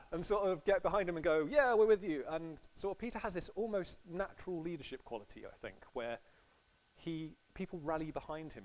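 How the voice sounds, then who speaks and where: A man's voice: on the high side, poor audio. A man preaching a sermon in a casual, storytelling way, acting out quotes playfully.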